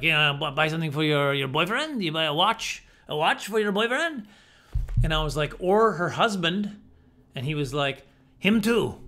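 A middle-aged man with a slightly high voice tells stand-up comedy stories. Animated and self-deprecating, he often slips into acted-out voices.

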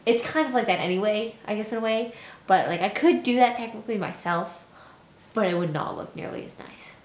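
A young woman talking casually to her viewers in a rambling vlog, full of "like" and "um". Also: mid-range voice. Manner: rambling, filler-heavy talk. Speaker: vlogger. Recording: echoey room with faint noise.

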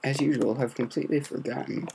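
A man gives hushed, rambling commentary over his game, keeping his voice deliberately quiet. There is a gravelly fry in his tone and a touch of sore throat in it, over a faint hiss of noise. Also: steady tone. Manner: quiet, low-key, meandering. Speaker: gaming video host. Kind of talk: hushed let's-play commentary.

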